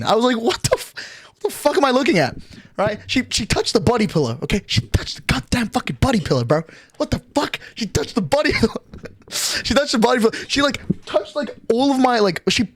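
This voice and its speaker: A nineteen-year-old streamer chatting casually on a livestream, ranting in an animated, exasperated way with lots of swearing. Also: mid-range voice, no room sound. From Australia.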